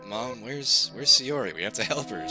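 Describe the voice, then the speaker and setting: A man's voice: medium pitch, animated, normal speed, music in the background, voice pushed up, lightly acted. A man voicing a frightened little boy who pleads timidly, reading a game aloud. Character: scared little boy, the game's narrator.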